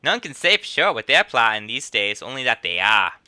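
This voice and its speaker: A man's voice: medium pitch, big pitch swings, fairly quick, pushed and bright. A man voicing a chatty female innkeeper who runs a guild, reading her lines in a drawl that drifts between put-on accents. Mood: folksy, storytelling.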